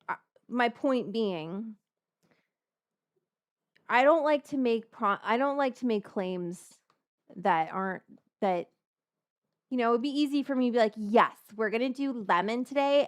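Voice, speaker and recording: Rambling, chatty woman host. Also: a little high. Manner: rambling, animated storytelling with many restarts. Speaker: cooking show host. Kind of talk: casual chatty cooking vlog.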